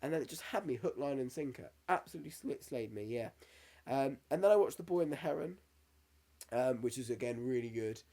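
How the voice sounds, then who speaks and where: A man in his thirties co-hosts a podcast in relaxed, casual chat. He talks candidly and swears freely, and his voice sits at an ordinary middle pitch. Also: a little fast. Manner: candid, sweary, emotional storytelling. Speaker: podcast co-host.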